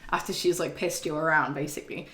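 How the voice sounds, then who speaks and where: A woman's voice: low-pitched, steady tone, fast, sharp tone. A woman streamer giving a casual, rambling game recap to her live chat, swearing freely and full of ums and laughs. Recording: roomy echo.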